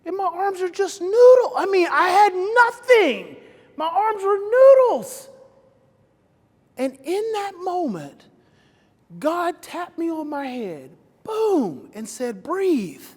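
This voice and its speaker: A man speaking at a live seminar, telling a story dramatically, with his voice swinging from loud outbursts to hushed whispers. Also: very high-pitched, very animated, slow. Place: seminar hall. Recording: long reverb of a large hall.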